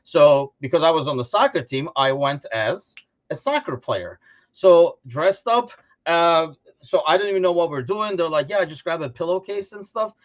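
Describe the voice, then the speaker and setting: Animated storytelling man, lo-fi sound. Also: fairly high pitch, normal speed. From Turkey. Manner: animated storyteller, laughs often. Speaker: podcast host. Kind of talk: casual chat. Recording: lo-fi live stream audio.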